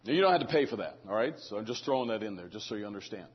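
A man's voice: on the low side, expressive, rapid-fire, husky, lo-fi sound. A man preaching a conversational sermon in a church, often checking in with the congregation and adding joking asides. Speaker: pastor. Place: church sanctuary.

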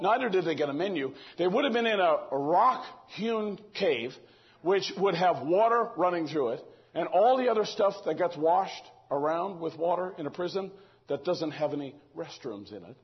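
An older man preaching a sermon, animated and acting out the voices he quotes. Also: high-pitched, dull audio.

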